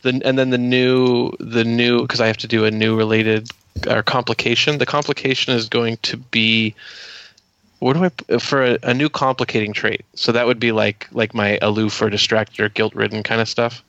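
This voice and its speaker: A man player explaining his moves in a tabletop role-play, slow and hesitant. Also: mid-range voice, level tone, a bit bright, no room sound. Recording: dull lo-fi audio.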